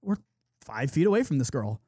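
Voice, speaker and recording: A man's voice: high voice, sing-song, a little fast, dry recording, clean studio sound. A man hosting a podcast, telling a long story in casual chat and acting out the people in it. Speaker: podcast host. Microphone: studio mic.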